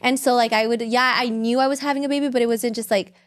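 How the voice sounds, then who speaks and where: A woman's voice: on the high side, fairly even intonation, fast talker, smooth. A young woman guest in a casual chat, rambling through a personal story full of "like" and acted-out quotes. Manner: rambling, heavy on "like", acts out quotes. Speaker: podcast guest.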